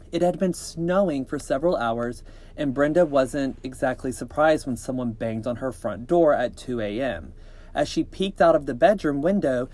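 Guy reading creepy stories on a podcast, mellow low-key voice, trips on words now and then. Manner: reads with small slips and asides, joking. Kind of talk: casual storytelling read-aloud.

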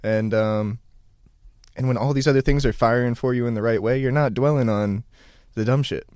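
A man's voice: medium pitch, normal speed, darkish tone, clean tone, no room sound, clean studio sound. A man hosting a podcast, giving laid-back, profane advice in casual chat.

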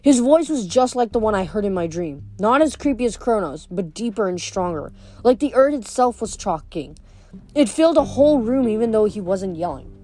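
A woman's voice: medium pitch, big pitch swings, moderate pace, a little mellow. A woman reading a novel aloud, now and then stumbling over words and correcting herself. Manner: occasional stumbles and self-corrections. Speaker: reader.

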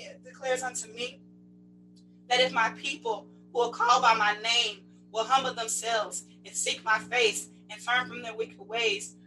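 A woman's voice: fairly high pitch, pushed and bright, a little hiss or hum, low-quality recording. A woman sports chaplain preaching a fervent sermon, reading scripture aloud and swelling and dropping in volume.

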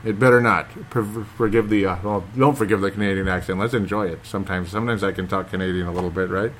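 A man's voice: low-pitched, steady tone, fast, slight background noise. A man hosting a casual sports talk show, reading listener comments and chatting in a rambling, hesitant way with lots of fillers. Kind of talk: casual chat.

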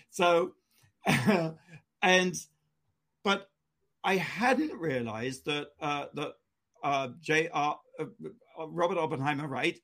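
A man's voice: fairly high pitch, a bit bright. Chatty male talk radio host. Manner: chatty, laughing easily, rambling. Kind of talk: casual talk radio chat.

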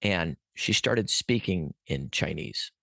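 A man's voice: low-pitched, takes it slowly, vocal fry, no room sound, clean studio sound. A man guest on a podcast, earnestly telling a personal story in a rambling way, with many restarts and fillers. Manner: earnest, animated at peaks.

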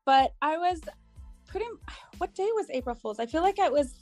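A young woman hairstylist co-hosting a podcast, chatting in an animated, easily sidetracked way. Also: high-pitched, normal speed, soft background music. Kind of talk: casual chat.

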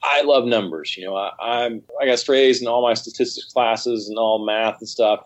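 A man, a cycling coach, talking casually in an interview, animated and rambling, with frequent restarts. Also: lowish voice, dull audio.

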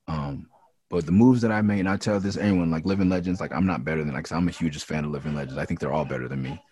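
A man who raps, from the Los Angeles area, talking frankly and with a lot of swearing in a casual interview, and getting louder when he is heated. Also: extremely low pitch, fast talker, husky. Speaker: rapper and interview guest. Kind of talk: candid casual interview talk.

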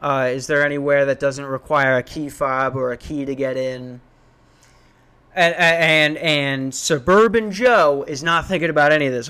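Young guy from Minnesota, casual rant storytelling, self-deprecating, slightly high voice. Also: a little slow, clean tone. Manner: animated, self-mocking, swears, jumps into high voices when quoting.

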